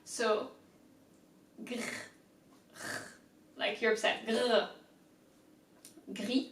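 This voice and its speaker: Slow, careful woman teaching pronunciation. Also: on the high side, a bit bright, distant mic. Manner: slow, careful syllable-by-syllable drilling. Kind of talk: casual video lesson. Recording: echoey room, a bit off mic.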